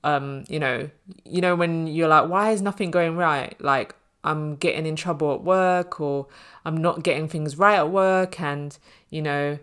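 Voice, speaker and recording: A woman's voice: low-pitched, a bit bright. A woman talks through a tarot reading in a casual, chatty way. She keeps it reassuring and loose, and fills her sentences with "you know" and "like". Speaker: tarot reader.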